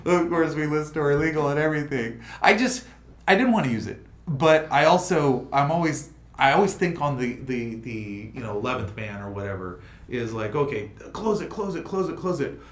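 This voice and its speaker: A man's voice: mid-range voice, normal speed. Rambling man in a roomy room. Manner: rambling and animated, with many restarts. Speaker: crypto project host. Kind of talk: casual livestream chat. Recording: roomy room with faint noise.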